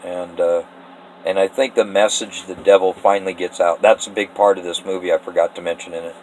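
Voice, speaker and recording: A man from Eastern Washington pitching a story idea in a rambling, earnest, often emotional way, laughing between thoughts. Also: little pitch movement, a little fast, a little mellow, slight background noise, rough recording. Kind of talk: casual spoken story pitch.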